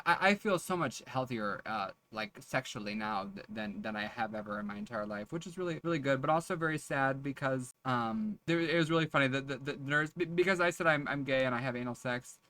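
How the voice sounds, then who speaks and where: Foul-mouthed young man rambling, depressed. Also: mid-range voice. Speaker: vlogger. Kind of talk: rambling confessional vlog. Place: city streets and bus stop outdoors. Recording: loud street traffic noise. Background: cars and city traffic.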